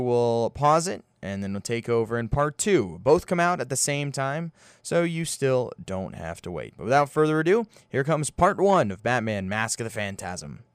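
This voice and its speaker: A man's voice: mid-range voice, clear, resonant tone, dry recording, studio quality. A man co-hosting a casual podcast, blunt and dismissive, often stammering as he restarts his sentences. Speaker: podcast co-host.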